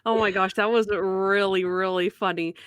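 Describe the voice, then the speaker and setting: A woman's voice: mid-range voice, fairly even intonation, normal speed, a bit bright, clear, resonant tone, dry recording, clean studio sound. A young woman co-hosting a podcast in casual chat, animatedly retelling scenes from a TV episode. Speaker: podcast co-host.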